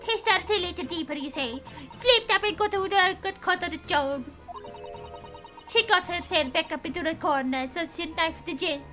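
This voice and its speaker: A brash young street pickpocket with slangy swagger, as a woman game streamer voices her. The voice sits very high and sounds sharp and bright. Faint music plays behind. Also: moderate pace.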